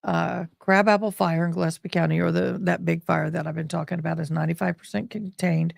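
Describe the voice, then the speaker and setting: A woman's voice: on the low side, fairly even intonation, brisk, vocal fry, no room sound, studio quality. A woman hosting a live stream in a rambling, chatty way. She is short of breath and breaks off to sigh and cough. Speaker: livestream host. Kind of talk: casual live-stream chat.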